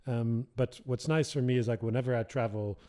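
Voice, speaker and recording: Guest man, American accent mixed with South African, easygoing, mellow tone. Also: mid-range voice, steady tone, fairly quick. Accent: American blended with South African. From United States. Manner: easygoing, laughs often, many fillers. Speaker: guest, motorcycle tour operator. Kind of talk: casual interview chat.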